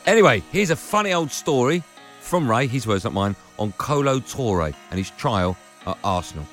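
Give me a male radio presenter with a lively, low voice, teasing his colleagues dryly over faint music. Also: moderate pace. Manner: dry, teasing humour. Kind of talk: scripted links with joking asides.

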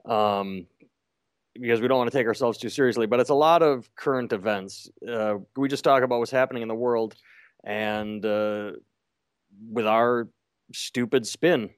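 A man who is a comedian, guesting on a podcast with deadpan, self-mocking humor. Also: mid-range voice, moderate pace, clean tone, no room sound, clean studio sound. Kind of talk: casual podcast interview.

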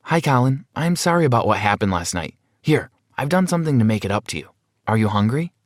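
A man's voice: medium pitch, big pitch swings, fast, dry recording, studio quality, lightly acted. A man voicing a lovesick, clingy young woman roommate who speaks in a pleading, emotional way. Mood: apologetic.

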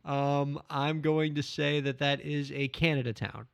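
A man co-hosting a comedic podcast, playing a quiz game in casual, joking, excitable chat. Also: fairly high pitch, unhurried, gravelly, clean tone. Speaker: podcast co-host, quiz player.

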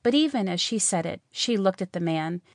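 A woman narrating a story in a measured, expressive way. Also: medium pitch, no room sound, clean studio sound.

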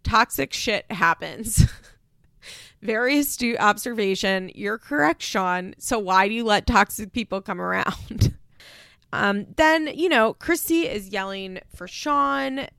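A woman's voice: mid-range voice, lively intonation, slow, gravelly, a bit bright, clear, resonant tone, no echo, studio quality. A young adult woman hosting a podcast, chatting casually and sarcastically through a reality-TV recap with lots of rhetorical questions. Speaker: podcast host.

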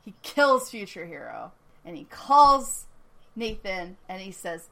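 Animated woman laughing through a recap. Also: medium pitch, slow pace, gravelly. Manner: animated, laughs often, swears casually. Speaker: podcast co-host. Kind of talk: casual chat recapping a TV episode.

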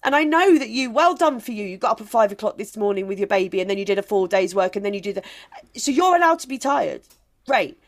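A woman comedian, a guest on a podcast, talking in a casual, emphatic and animated way. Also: medium pitch, quick pace. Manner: emphatic, animated storytelling with laughs.

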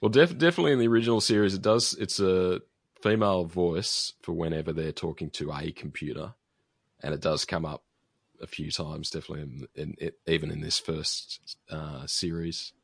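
Low-voiced man co-hosting a podcast. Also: normal speed, breathy edge, no room sound, studio quality. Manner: chatty, many ums and restarts. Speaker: podcast co-host. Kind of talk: casual chat, reading listener email.

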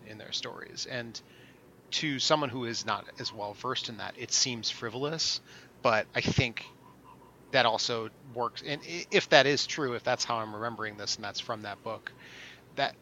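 A man's voice: medium pitch, bright, forceful tone, a little hiss or hum, rough recording. A man co-hosting a podcast, chatting casually with offhand, jokey asides. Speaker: podcast co-host. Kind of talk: casual chat.

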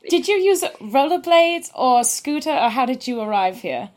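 Lady doing a peppy bossy zookeeper barbie, loud and high. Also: sing-song, normal speed. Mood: chipper. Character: take-charge female zookeeper Barbie, upbeat.

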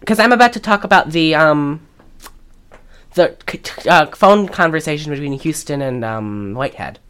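A woman's voice: sits low, lively intonation, normal speed, fairly bright tone, clear, resonant tone. A young woman co-hosting a podcast, casually recapping a movie and acting out the characters' lines in exaggerated voices. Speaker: podcast co-host.

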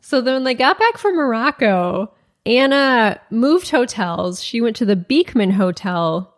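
A woman's voice: a little high, a little slow. Chatty woman telling a story. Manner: animated retelling, acts out quoted dialogue, many "like" fillers. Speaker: podcast co-host. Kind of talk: casual storytelling chat.

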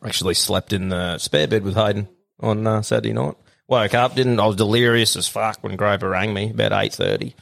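A man hosts a casual podcast. His voice is fairly low, and he chats loosely, swearing and laughing with mates. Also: lively intonation, brisk, gravelly, a bit bright, dry recording, clean studio sound. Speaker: podcast host. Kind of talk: casual chat.

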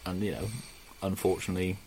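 A man's voice: low-pitched, steady tone, quick pace, a little mellow, slight background noise. A man co-hosting a podcast in casual chat, rambling, laughing often and swearing casually. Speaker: podcast co-host.

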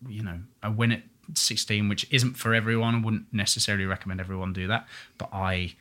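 A man's voice: lowish voice, little pitch movement, pushed and bright. A man, a musical theatre performer, chatting casually and telling stories with easy laughs. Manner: chatty storyteller, quick laughs, restarts. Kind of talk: casual chat.

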